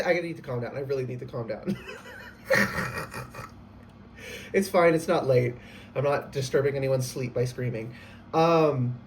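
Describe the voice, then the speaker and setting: A man giving a casual spoken tarot reading, excitable and emotional, gushing and laughing often. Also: fairly high pitch, a little slow, pauses often, distant mic, a little hiss or hum. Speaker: tarot reader.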